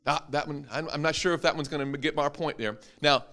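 A man's voice: on the high side, brisk, fairly bright tone. A man, a preacher, teaching an interactive Bible class to a live audience, joking and quizzing them as he goes.

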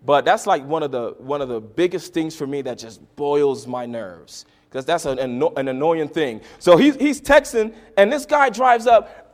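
A man preaching a sermon, swinging between quiet, intimate lines and loud, dramatic bursts as he acts out a story. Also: a little high, normal speed, few pauses. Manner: dramatic swings from soft to loud, acting out voices.

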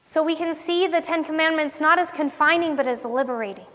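A woman's voice: sits high, fairly quick, fairly bright tone. A woman giving an earnest devotional sermon in a conversational way, asking her listeners questions as she teaches. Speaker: ministry teacher. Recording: long hall reverb.

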